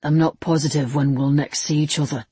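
A woman voicing a cool, teasing young man with a dry, low-key manner in a read-aloud story. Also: fairly even intonation, a little fast, warm tone, slightly rough, no room sound.

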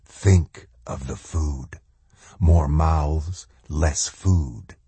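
A man's voice: extremely low pitch, drawn-out words, warm tone, breathy edge, dry recording, heavily acted. A man voicing a menacing phantom soldier who speaks in a hissing, commanding whisper.

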